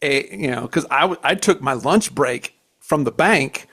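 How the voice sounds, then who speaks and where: A young man hosting a podcast, his voice sitting at an ordinary middle pitch. He tells stories in a loose, animated, self-mocking way, with plenty of fillers and restarts. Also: unhurried, breathy edge. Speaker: podcast host. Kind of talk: casual storytelling chat.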